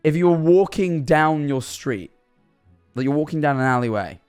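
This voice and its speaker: A man's voice: fairly high pitch, lively intonation, normal speed, darkish tone, smooth, faint music behind. A young man chatting on a live stream, rambling through absurd hypotheticals and answering his chat. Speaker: livestreamer.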